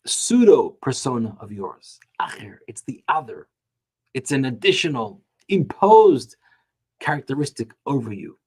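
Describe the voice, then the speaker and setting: A man teaching a Talmud class, telling the story with animated emphasis and slowing down to stretch key words. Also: mid-range voice, slightly rough. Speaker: Torah teacher.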